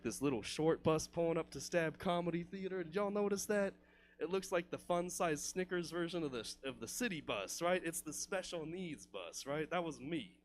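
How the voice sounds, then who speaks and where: A man doing a loose, profane stand-up comedy set in a comedy club, laughing at his own jokes. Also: a little high.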